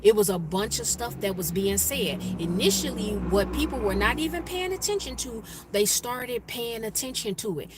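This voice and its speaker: A woman's voice: fairly high pitch, expressive, normal speed, few pauses. A woman vlogger, telling a workplace story to her viewers and acting out the voices of her coworkers. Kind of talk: casual storytime chat to viewers. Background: faint street noise, passing sirens.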